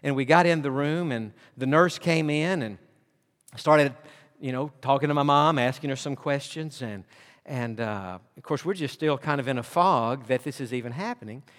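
A man, a pastor, telling a personal story in a sermon, earnest and animated, acting out the dialogue. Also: mid-range voice, moderate pace. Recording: long hall reverb.

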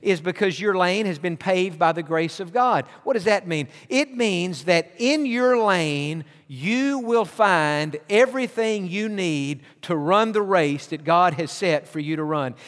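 A man with a high-pitched voice preaches a sermon, pressing his points with repeated refrains. His words ring out with a long reverb from a large hall. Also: lively intonation, measured pace, hardly any pauses, a bit bright. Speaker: pastor.

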